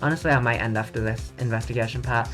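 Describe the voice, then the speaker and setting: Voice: mid-range voice, steady tone, quick pace, over music. Tired streamer reacting with blunt swearing. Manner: reads game text aloud and reacts bluntly with swearing. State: tired, yawning. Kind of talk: live game playthrough commentary.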